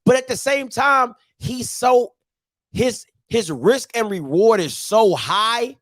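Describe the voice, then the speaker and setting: A man hosting a sports recap show, ranting in excitable, slangy trash talk and repeating himself for emphasis. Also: extremely high pitch, slow, dry recording, studio quality. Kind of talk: animated sports recap rant.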